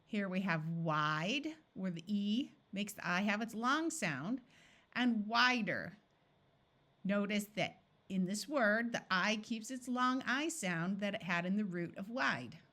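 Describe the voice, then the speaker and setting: A woman with an American accent teaching a phonics reading lesson, sounding out words slowly and carefully. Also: mid-range voice, animated, bright, forceful tone. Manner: clear, deliberate word-by-word enunciation. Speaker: reading tutor.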